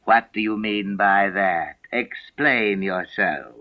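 Languid, stern storybook caterpillar, voiced by a man, very slow and curt, lowish voice, dull lo-fi sound. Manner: drawn-out, curt, sleepy. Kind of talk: audiobook character voice. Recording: dull lo-fi recording.

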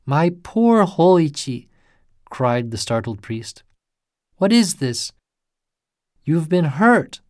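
A man's voice: medium pitch, measured pace, darkish tone, dry recording, studio quality, natural voice. Protective old priest read by a man, solemn, earnest, storybook ghost tale. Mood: distressed. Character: kindly old Buddhist priest, anxious and protective.

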